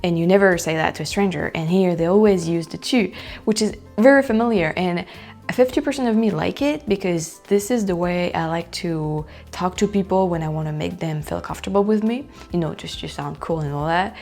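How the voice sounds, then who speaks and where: Chatty French woman, lowish voice. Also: fairly quick, faint music behind. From France. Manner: chatty and animated, with many likes and restarts. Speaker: vlogger. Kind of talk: casual vlog chat.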